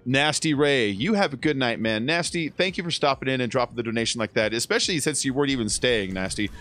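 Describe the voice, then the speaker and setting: A man's voice: medium pitch, animated, quick pace, a bit bright. A man in his thirties livestreaming a game from home, chatting casually and rambling, swearing now and then. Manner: rambling, laid-back, swears often. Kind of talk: casual livestream chat while gaming.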